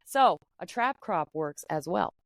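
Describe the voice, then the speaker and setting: A woman's voice: fairly low pitch, animated, a little slow, vocal fry, dry recording. A woman hosting a podcast, chatting casually and telling stories with quoted asides. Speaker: podcast host.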